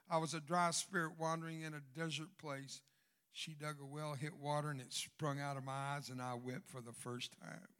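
An older man with a Southern American accent preaching a storytelling sermon as a guest speaker, swinging from hushed, quiet passages to loud bursts and joking asides. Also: a little high. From Southern United States.

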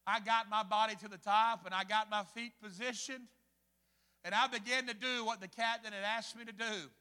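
A man preaches with a strikingly high voice and a bright, forceful edge. He tells his story with sharp swings between hushed asides and loud bursts. His voice rings with the long reverb of a church hall. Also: fairly even intonation, moderate pace, clean tone. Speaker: pastor. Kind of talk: sermon.

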